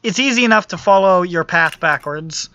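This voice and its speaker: A man's voice: high-pitched, lively intonation, normal speed, a crowd in the background. A man running a tabletop game as game master, narrating loosely and joking with the players. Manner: loose, joking, with many uh fillers.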